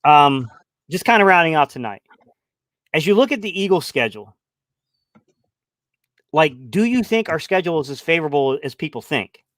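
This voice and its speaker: A man's voice: on the high side, sing-song, normal speed, long pauses, a bit bright, no echo. A man hosting a casual sports talk show, laid-back, speaking straight to his listeners. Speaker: podcast host.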